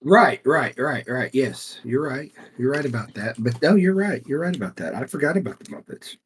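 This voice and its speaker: A man's voice: mid-range voice, lively intonation, normal speed, slight background noise. A man co-hosting a casual podcast chat, readily agreeing and echoing his partner. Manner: agreeable, echoes and affirms the other host. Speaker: podcast co-host.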